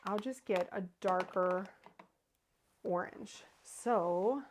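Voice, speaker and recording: A woman's voice: mid-range voice, very slow, background noise. Chatty lady in her thirties doing a card stamping livestream, talks to viewers as she works. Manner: chatty, answers viewer comments while stamping. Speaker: card-making livestream host. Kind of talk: casual crafting demo with viewer chat.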